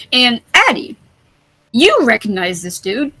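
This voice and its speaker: A woman narrating as game master of a tabletop game in a relaxed, conversational way. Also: mid-range voice, normal speed, soft background music, low-quality recording.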